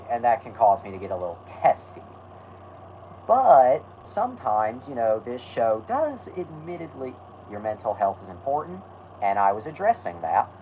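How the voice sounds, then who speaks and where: A man's voice: mid-range voice, mellow, slight background noise, poor audio. A man hosting a live stream, talking casually and rambling, correcting himself and snapping back at his chat.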